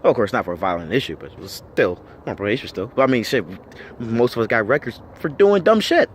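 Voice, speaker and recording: Man ranting with lively, swinging pitch. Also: quick pace, slight background noise. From United States. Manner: blunt, swears constantly, argumentative; rhetorical questions, repeats himself for emphasis. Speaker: vlogger. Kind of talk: heated profane rant to camera.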